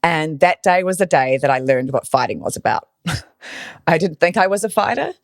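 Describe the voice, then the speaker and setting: A woman's voice: sits low, moderate pace, no echo, studio quality. Emotional storytelling woman guest. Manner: animated, emotional retelling. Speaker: podcast guest. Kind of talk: storytelling in interview.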